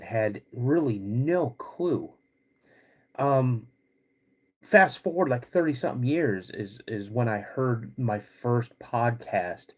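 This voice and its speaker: A podcast host in his fifties, with a mid-range voice, is running a live podcast stream. He greets chat viewers by name in a halting way while he's getting over a cold.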